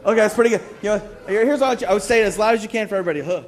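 A man leading a children's church song game, coaxing the kids and singing and shouting cues. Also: high-pitched, rapid-fire.

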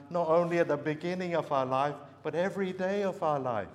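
A man preaching a sermon, slow and emphatic, repeating his key phrases. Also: on the high side. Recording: long hall reverb.

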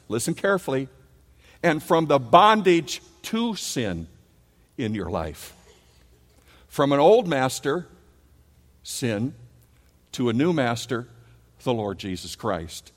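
A male pastor preaching a sermon, asking the congregation questions and building to emphatic peaks. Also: mid-range voice. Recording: long hall reverb.

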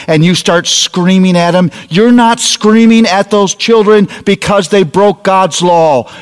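A man's voice: sits high, smooth. A middle-aged man preaching a sermon, speaking earnestly and appealing directly to his listeners. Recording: long reverb of a large hall.

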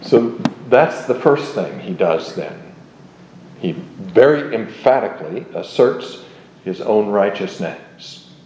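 A man giving an expository Bible lecture, explaining verses with measured, emphatic readings of scripture. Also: lowish voice, expressive, darkish tone, reverberant, slight background noise, poor audio. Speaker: Bible teacher.

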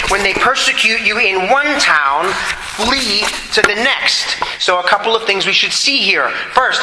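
A man's voice: sits high, bright, forceful tone, a little hiss or hum. A man preaching a sermon to a congregation, earnest and emphatic, repeating his key points. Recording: echoey hall with long reverb.

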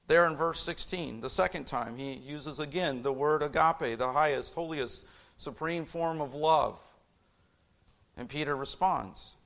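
A man preaching a sermon, moving from hushed, measured exposition to fervent, rising appeals. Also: mid-range voice, gravelly.

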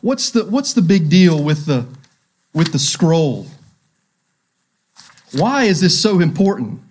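A man's voice: fairly high pitch, big pitch swings, slow pace, a little mellow, slight background noise. A male pastor preaching a sermon, asking rhetorical questions and repeating key phrases.

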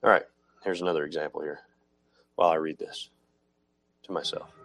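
A man's voice: very deep voice, steady tone, fast talker. A man preaching a teaching sermon about music, explaining patiently, repeating himself and correcting his own slips as he goes. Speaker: pastor.

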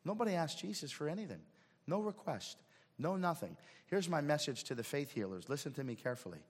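A man preaching a sermon as pastor, swinging from hushed asides to shouted emphasis. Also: fairly high pitch, sing-song, a little fast, husky, big-room sound. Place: church sanctuary.

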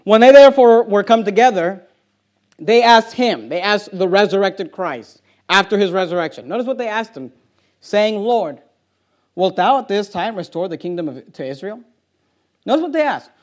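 A man's voice: high-pitched, expressive, moderate pace, a little mellow. A man preaching a sermon as pastor, emphatic and confrontational, hammering home repeated phrases.

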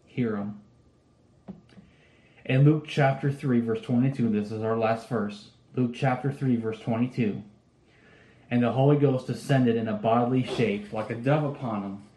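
Male preacher, earnest sermon delivery, dark mellow tone, reverberant room. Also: mid-range voice, steady tone, moderate pace, slight background noise. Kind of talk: sermon reading Bible verses.

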